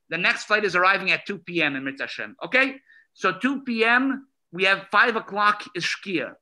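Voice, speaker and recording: A man's voice: a little high, sharp tone, low-quality recording. A man, a rabbi, telling a story at a gathering, acting out the dialogue with emphasis. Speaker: emissary rabbi. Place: synagogue gathering hall.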